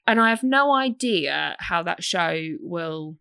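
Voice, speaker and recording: A young woman co-hosting a casual podcast chat, animated and swearing freely. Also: fairly low pitch, takes it slowly, gravelly, clear, resonant tone, no echo, clean studio sound. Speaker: podcast co-host.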